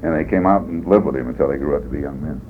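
At a recovery meeting, a man with a very deep voice talks very fast as he tells his story, rambling and folksy with wry humor. This personal testimony, given in a meeting room, comes through on tinny lo-fi tape with faint hiss.

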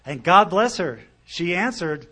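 A middle-aged man shares his story before a group, his voice sitting a little high for a man. He talks animatedly, acting out what other people said and dropping from loud bursts to near mutters. The delivery is personal and conversational. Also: expressive, unhurried, a little hiss or hum. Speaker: speaker sharing recovery story. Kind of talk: storytelling talk at a recovery meeting.

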